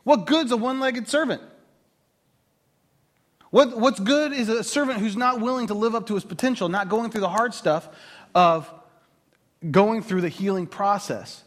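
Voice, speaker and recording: A man's voice: sits high, moderate pace, pauses often. A man preaching a sermon as a pastor, talking casually and acting out the voices of the people in his story. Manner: animated, acts out quoted voices.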